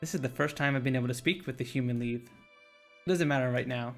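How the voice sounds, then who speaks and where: A man's voice: mid-range voice, fast, creaky, faint music behind. Man casually reading a visual novel aloud. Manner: casual reading with frequent restarts and stammers. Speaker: streamer reading the narration.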